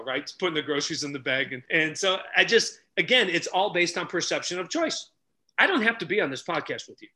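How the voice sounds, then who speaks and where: A middle-aged man telling stories loudly on a podcast, acting out each character's lines as a relationship coach. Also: on the high side, a little fast. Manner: animated, loud, acts out dialogue. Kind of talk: energetic storytelling in casual chat.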